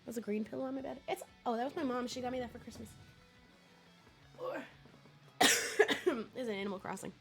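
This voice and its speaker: A young woman with a fairly high voice talks loosely to her viewers from home, her throat hoarse and sniffly from a cold. She rambles, restarts her sentences and laughs often. Soft music plays behind her. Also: brisk, long pauses. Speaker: streamer. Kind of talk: casual chat with viewers.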